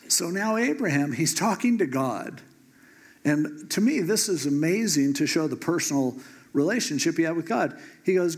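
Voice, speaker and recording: A man's voice: a little high, lively intonation, normal speed. A man preaching a sermon, retelling a Bible story in a casual, joking way.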